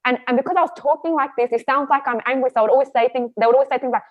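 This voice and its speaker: A woman guest speaking earnestly about her own experiences, often pausing to search for words, heard over a video call. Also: sits high, highs cut off. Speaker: panel guest. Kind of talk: reflective personal sharing.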